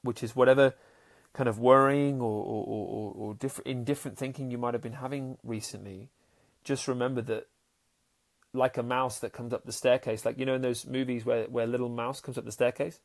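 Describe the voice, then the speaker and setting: A man's voice: mid-range voice, steady tone, fairly quick. A man, a podcast host and happiness coach, talking earnestly in a casual monologue and often repeating his words. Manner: earnest, repeats words, acts out voices in stories.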